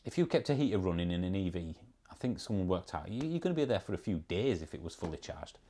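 Wry Yorkshire man, low voice. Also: very animated, quick pace, mellow. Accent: Yorkshire English. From Yorkshire, England. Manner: wry, sarcastic, reads out comments. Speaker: electric car reviewer. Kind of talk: casual vlog commentary.

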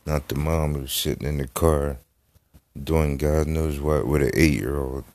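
A man's voice: very deep voice, steady tone, a little slow, darkish tone. A middle-aged man hosting a casual solo podcast, rambling and swearing freely, trailing off into fillers. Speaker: podcast host. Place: Florida.

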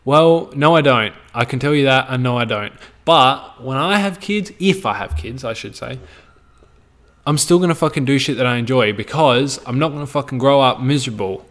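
A man's voice: mid-range voice, moderate pace, fairly bright tone. A young Australian man talking straight to camera in a loose, rambling monologue, swearing freely and often trailing off mid-thought. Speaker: vlogger.

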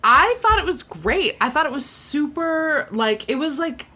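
A woman's voice: high voice, animated, measured pace, sharp tone. A woman co-hosting a podcast, chatting casually and emphatically, with many "like"s. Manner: chatty, emphatic, says "like" often. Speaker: podcast co-host. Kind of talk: casual chat.

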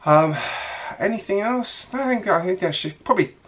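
A man's voice: high-pitched, expressive, fairly quick, a bit bright. A man chatting casually on his hobby vlog, rambling along with lots of fillers and restarts. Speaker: Lego hobby vlogger.

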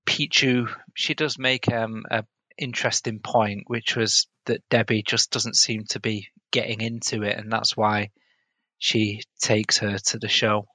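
Male co-host, wry asides, bright forceful tone, dry close mic. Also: fairly low pitch, flat delivery, a little slow, dry recording, rough recording. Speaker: podcast co-host. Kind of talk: casual chat recapping a TV episode.

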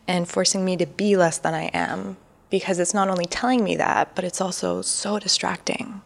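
A woman yoga teacher sharing personally in a soft, reflective, earnest way. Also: fairly low pitch, creaky.

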